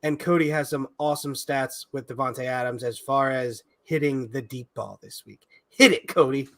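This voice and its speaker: A man's voice: mid-range voice, steady tone, normal speed. A man co-hosting a sports betting podcast, joking loosely, laughing and swearing as he talks. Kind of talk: casual sports betting chat.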